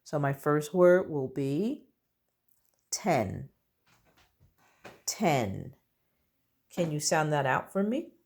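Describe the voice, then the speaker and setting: A woman's voice: deep voice, animated, a little slow, darkish tone. A woman teaching a phonics lesson to young children, patiently sounding out letters and words. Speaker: kindergarten teacher.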